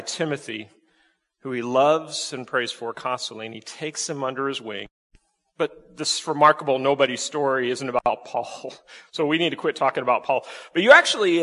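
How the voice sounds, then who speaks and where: A man preaching a sermon in a lively, conversational way, asking the congregation rhetorical questions. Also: fairly high pitch, long reverb tail. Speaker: pastor.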